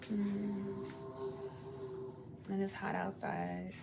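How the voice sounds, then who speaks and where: A woman's voice: mid-range voice, measured pace, gravelly, over loud music. A young woman chatting on a casual livestream from her apartment, rambling and laid-back, sounding tired. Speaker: livestream host.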